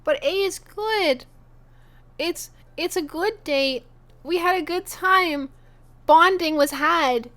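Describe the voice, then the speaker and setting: A woman streaming a video game, commenting in a chatty, self-mocking, excitable way. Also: very high voice, takes it slowly. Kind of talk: let's-play commentary.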